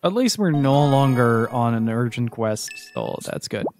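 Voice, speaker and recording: A man chatting casually through a game stream, dry and wry in his remarks. His voice sits at an ordinary middle pitch, with faint music under it. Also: a little slow. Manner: relaxed, wry running commentary. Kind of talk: casual gameplay commentary.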